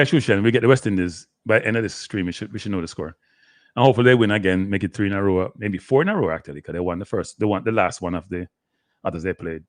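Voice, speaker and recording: A man's voice: fairly low pitch, dry recording. A man hosting a live sports talk stream, rambling casually, talking to viewers by name and slipping into patois, his throat dry. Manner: rambling, talks to the chat by name, slips into Caribbean patois.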